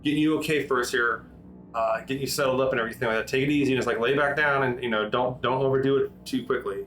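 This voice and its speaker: A man's voice: medium pitch, fairly even intonation, fast talker, fairly bright tone, close to an everyday voice. A man voicing a woman colony director who soothes a waking patient and repeats her reassurances, with faint music behind. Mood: soothing.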